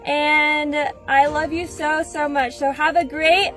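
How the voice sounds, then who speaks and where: Woman, high voice, slow, sincere, light music. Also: steady tone, a bit bright. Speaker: church member sending a birthday message. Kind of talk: casual video greeting.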